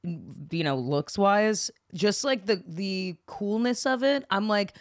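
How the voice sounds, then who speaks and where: A woman's voice: mid-range voice, expressive, slow, dry recording, clean studio sound. A woman co-hosting a podcast in casual, blunt, profane chat, telling stories with animation. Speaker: podcast co-host.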